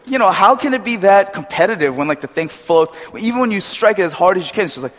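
A man's voice: high voice, fast. A young man preaching a casual sermon, chatty and storytelling, with many asides to his congregation. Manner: chatty, storytelling, animated when retelling. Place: church hall. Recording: reverberant hall.

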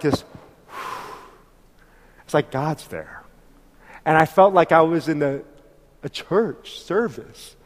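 A man telling a story in a sermon, animated and acting out conversations with laughter. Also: a little high. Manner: animated, acts out dialogue with laughs. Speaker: preacher. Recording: long hall reverb.

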